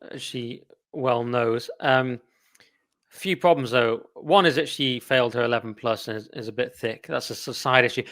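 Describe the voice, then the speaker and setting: A man's voice: mid-range voice, a bit bright. A man from England, hosting a podcast, talking in a blunt, sardonic way with rambling asides. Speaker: podcast host. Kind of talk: casual opinionated chat.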